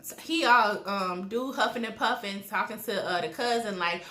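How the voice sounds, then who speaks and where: Bright-voiced woman, gossipy and profane episode recap, roomy echo. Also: medium pitch, moderate pace. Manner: blunt, profane, animated storytelling with quoted asides. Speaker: TV recap vlogger.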